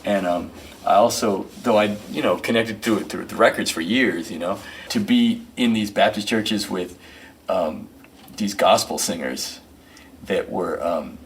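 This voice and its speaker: A man, a musician and record producer, telling loose, animated stories as an interview guest, peppering them with "you know" and "man". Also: on the low side, measured pace, far from the mic, a little hiss or hum. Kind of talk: casual interview storytelling.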